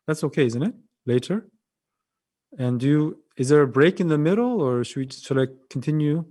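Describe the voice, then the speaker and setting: A man with a Korean accent, a Buddhist monk giving a dharma talk over a video call, gentle and halting, often repeating his phrases. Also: on the high side, animated.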